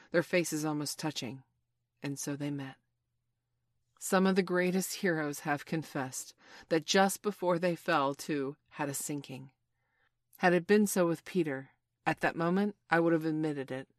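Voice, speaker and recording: A woman with a low voice narrates a storybook in an expressive, dramatic way. The recording is close and dry, with no echo. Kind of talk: storybook reading.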